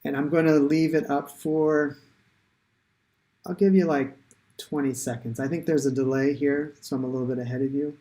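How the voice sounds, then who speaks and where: A man's voice: on the high side, steady tone, normal speed, dark tone. A man teaching English in a live online lesson, chatty and encouraging, thinking aloud with many fillers.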